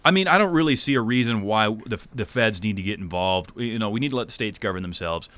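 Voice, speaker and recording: Fast-talking New England man, bright voice. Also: on the low side, lively intonation, no echo. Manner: quick, opinionated, swears casually. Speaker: co-host. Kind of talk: casual podcast chat.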